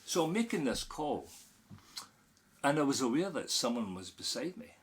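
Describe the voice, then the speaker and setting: A man's voice: medium pitch, normal speed. A middle-aged Scottish man, a podcast guest chatting casually and telling an anecdote with growing animation. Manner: animated storyteller, laughs while telling anecdotes. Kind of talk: casual storytelling chat.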